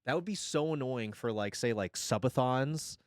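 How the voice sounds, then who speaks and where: Man, 40s, rambling profane streamer, lively pitch, dry close mic. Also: normal speed, clear, resonant tone, no room sound. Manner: rambling, profane, jokey, reacting to chat. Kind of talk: casual live-stream chat.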